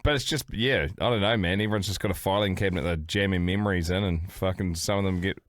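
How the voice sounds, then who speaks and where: A man's voice: low-pitched, fast talker, no echo, clean studio sound. A man co-hosting a podcast, chatting in a laid-back, sweary way. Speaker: podcast co-host. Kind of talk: casual chat.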